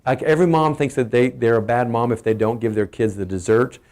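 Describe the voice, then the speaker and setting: A middle-aged man with a Texan accent gives a casual, energetic family health talk, asking his listeners questions as he goes. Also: medium pitch, fairly quick. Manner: energetic, emphatic, asks the audience questions.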